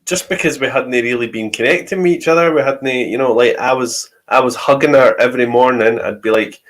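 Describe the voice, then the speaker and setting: A man's voice: medium pitch, quick pace, hardly any pauses. A man with a Scottish accent telling personal stories in a casual chat, often laughing as he talks. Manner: storytelling, laughs often while talking.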